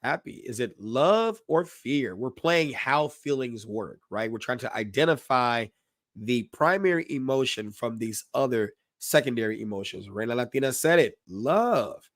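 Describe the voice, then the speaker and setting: Animated man teaching a parenting class. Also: mid-range voice, measured pace, dry recording. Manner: animated, greets live chat viewers, repeats points. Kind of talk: live-streamed parenting class.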